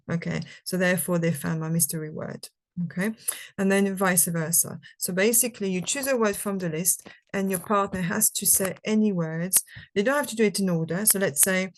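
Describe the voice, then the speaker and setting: A woman presenting a live teaching webinar for language teachers, explaining activities step by step with many "okay"s. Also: fairly low pitch. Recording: recorded live webinar with faint background noise.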